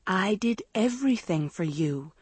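A woman voicing an eerily calm, menacing teenage girl in an audiobook, speaking softly and sinisterly. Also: medium pitch, measured pace, breathy edge, no room sound. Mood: calm menace. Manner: soft, sinister, sometimes whispered. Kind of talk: audiobook character reading.

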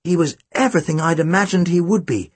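A man reading a first-person story aloud in an expressive, animated way. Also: on the high side, fast talker, slightly rough, dry recording. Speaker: audiobook narrator.

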